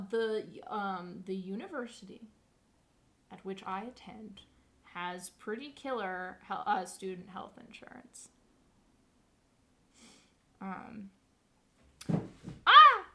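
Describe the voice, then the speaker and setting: A young woman streamer chatting casually, telling stories in an animated, sarcastic way full of swearing. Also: medium pitch, slow, pauses often. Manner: profane, animated storytelling. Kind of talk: casual livestream chat.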